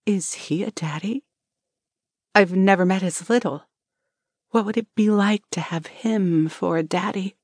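A woman's voice: medium pitch, unhurried, long pauses, a little mellow, no echo, close to an everyday voice. Flustered young woman, storybook, blurting, dry close sound, voiced by a woman reader. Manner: blurts and mutters when flustered.

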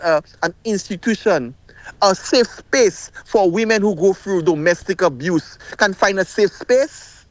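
A man's voice: high-pitched, no echo. A middle-aged man, calling in to a radio talk show with impassioned, emphatic speech that often repeats itself. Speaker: caller.

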